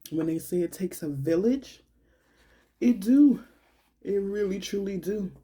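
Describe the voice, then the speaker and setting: A young adult woman talks slowly and from the heart in a personal monologue. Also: on the low side, dark tone, husky. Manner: slow, heartfelt, colloquial and conversational. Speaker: vlogger.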